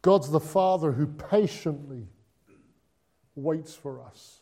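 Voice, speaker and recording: A man giving a conversational Christmas sermon, moving between hushed and excited delivery with lots of repetition. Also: fairly high pitch, slow, pauses often. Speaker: preacher.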